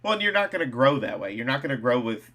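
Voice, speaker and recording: Man, podcast host, bright tense voice, jokey, laughs a lot, casual chat. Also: mid-range voice, big pitch swings, quick pace. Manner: joking, laughs often.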